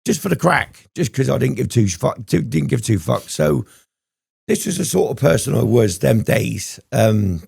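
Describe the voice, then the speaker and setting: Gravelly man, dry close sound. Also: mid-range voice, animated, moderate pace, a little mellow, dry recording. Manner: rambling, heavy swearing, frequent ums. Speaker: guest. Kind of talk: candid storytelling interview.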